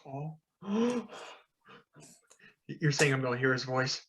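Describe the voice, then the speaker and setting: A man playing a character in a tabletop game, talking in a gushing, excitable way. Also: medium pitch, a little fast. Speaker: player.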